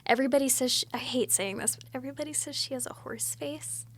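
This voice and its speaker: A woman co-hosting a podcast in casual chat, laughing easily between remarks. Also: high-pitched. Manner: giggly, quick to laugh. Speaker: podcast co-host.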